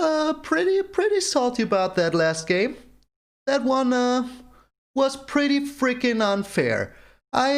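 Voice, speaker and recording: A man hosting his own gameplay channel, commenting on a card game in an exasperated rant that keeps repeating itself. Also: high voice. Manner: exasperated ranting, repeats himself. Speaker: channel host.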